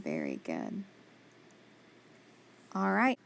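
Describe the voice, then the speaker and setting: Slow, patient woman teaching phonics. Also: mid-range voice, huge pitch swings, creaky. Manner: patient, encouraging, sounds out letters slowly. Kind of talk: phonics spelling lesson.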